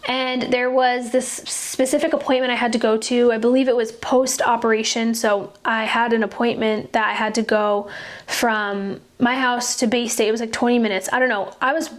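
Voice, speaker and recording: A woman's voice: a little high, little pitch movement, moderate pace. A young woman in her twenties hosting a podcast, telling a personal faith story in an earnest, chatty way full of 'like'. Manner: chatty, filler-heavy, frequent 'like'; earnest and heartfelt. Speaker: podcast host. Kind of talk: casual faith-based storytelling.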